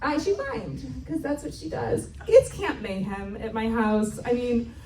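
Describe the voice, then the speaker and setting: Laughing thirtysomething woman telling family stories at a church retreat, kinda high voice, echoey hall, mic a bit far off. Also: animated, unhurried, warm tone, a little hiss or hum. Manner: chatty, laughing, self-mocking. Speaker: retreat speaker.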